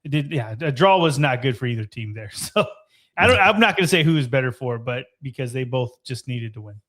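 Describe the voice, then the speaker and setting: A man co-hosting a soccer podcast, reviewing matches in an excitable, casual way and swearing freely. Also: mid-range voice, brisk. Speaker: podcast co-host.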